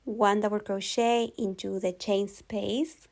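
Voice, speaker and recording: A woman narrates a crochet tutorial in a calm, patient voice-over. She talks slowly and evenly, at a middle pitch. She often goes back over a step so it can be followed. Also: creaky. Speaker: crochet instructor.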